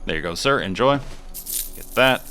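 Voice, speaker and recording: A man's voice: on the low side, lively intonation, normal speed, pushed and bright, faint music behind. A man giving casual, wry commentary while playing a game, chatting to himself. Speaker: gameplay streamer.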